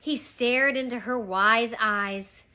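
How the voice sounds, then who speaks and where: A woman teacher reading a chapter book aloud to her class, slow and expressive. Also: fairly high pitch. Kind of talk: storybook read-aloud.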